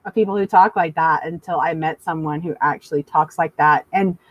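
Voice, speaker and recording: A woman's voice: low voice, fairly even intonation, brisk, no echo, dull audio. A woman raised in the American South, chatting casually and animatedly on a group video call. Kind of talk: casual group chat on a livestream.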